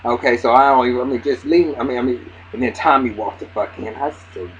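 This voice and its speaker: A man's voice: mid-range voice, fast talker, hardly any pauses. A man giving a casual, profane recap of a TV episode, acting out the characters' lines with lots of restarts. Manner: excitable, acts out character lines, heavy cursing, many restarts. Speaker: TV recap reviewer. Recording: dull lo-fi audio with faint hiss.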